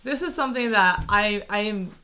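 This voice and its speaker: A woman's voice: mid-range voice, expressive, moderate pace, sharp tone. An American woman in her thirties chatting casually on a vlog, laughing often between thoughts. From United States. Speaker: vlogger. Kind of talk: casual chat.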